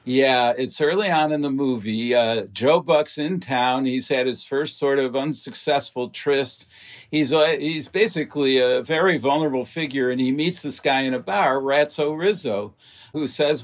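A man's voice: mid-range voice, moderate pace. A man, a guest in an interview, telling detailed behind-the-scenes stories about making a film, with frequent fillers. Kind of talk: interview storytelling.

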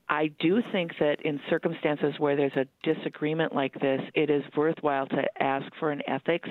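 A physician guest giving careful, halting advice on a call-in program. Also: male voice, on the high side, no room sound. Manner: careful, halting, restarts often. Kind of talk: expert advice on a call-in show. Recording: phone-line audio.

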